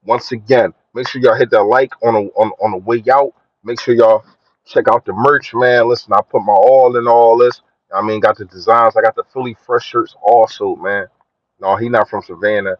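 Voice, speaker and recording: A young man chatting casually on a sports live stream, slangy and shouting out his viewers. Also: moderate pace, no room sound. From Philadelphia. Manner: slangy, shouts out viewers, lively swings in pitch. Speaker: sports vlogger. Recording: dry, dull lo-fi phone audio.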